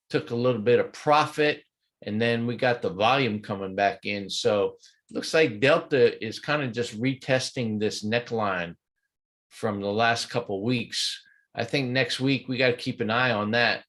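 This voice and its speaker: A man's voice: medium pitch, a bit bright. A man hosting a live pre-market stock trading show, walking through charts in folksy slang and greeting viewers in the chat.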